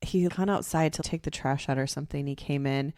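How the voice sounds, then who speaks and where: A woman's voice: sits low, brisk, mellow, no echo, clean studio sound. A mother in her thirties co-hosting a casual podcast, chatty and laughing often as she tells family stories. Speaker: podcast co-host. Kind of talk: casual chat.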